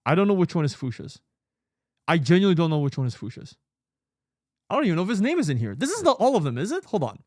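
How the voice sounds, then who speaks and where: A man's voice: on the high side, big pitch swings, fast talker, long pauses, darkish tone, no echo, clean studio sound. A man hosting a live stream, talking casually and in a scattered, muttering way while sorting files, swearing freely now and then. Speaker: streamer host.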